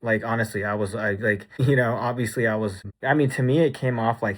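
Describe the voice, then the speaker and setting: A man's voice: fairly low pitch, brisk, few pauses. A man chatting casually in a recap vlog, rambling with lots of "like" and "you know". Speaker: vlogger.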